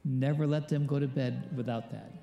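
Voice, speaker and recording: Gravelly pastor preaching in a big church. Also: male voice, mid-range voice, fairly even intonation, moderate pace, dark tone, lo-fi sound. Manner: conversational preaching, quizzes the congregation. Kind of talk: sermon. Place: large church. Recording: echoey church hall with long reverb.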